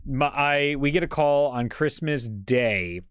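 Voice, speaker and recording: Male podcast host, rambling storyteller, mid-pitched voice, dry close sound. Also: slow pace, clean tone, no room sound. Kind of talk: casual chat, storytelling.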